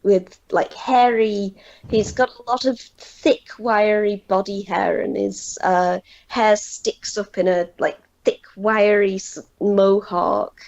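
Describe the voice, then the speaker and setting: A woman narrates a tabletop game as game master. She speaks slowly and haltingly, with many fillers. The recording is muffled and lo-fi. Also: medium pitch, steady tone, creaky, darkish tone. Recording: dull lo-fi sound.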